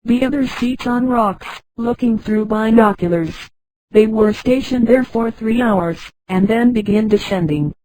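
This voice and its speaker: Flat synthetic woman narrating a story. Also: on the high side, unhurried, no room sound, rough recording. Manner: flat synthetic reading, reads punctuation aloud.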